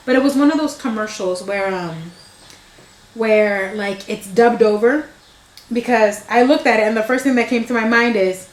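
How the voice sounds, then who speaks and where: A woman's voice: fairly high pitch, normal speed, roomy sound. Woman telling a rambling family story. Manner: meandering, self-interrupting, amused. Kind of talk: casual storytelling.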